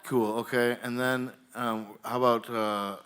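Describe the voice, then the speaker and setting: A man with a bright, forceful voice hosts a live comedy show from a bar stage, speaking into a handheld mic. His talk rambles and stalls on fillers as he jokes with the crowd and coaxes reactions from them. His pitch sits in an ordinary middle range. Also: level tone, clean tone. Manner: rambling, halting, jokey, with many fillers. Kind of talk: live comedy, directing the audience.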